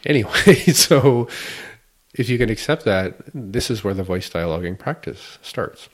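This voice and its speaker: A man hosting a podcast and explaining a practice in casual chat, playful and quick to laugh. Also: lowish voice, animated. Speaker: podcast host teaching a practice.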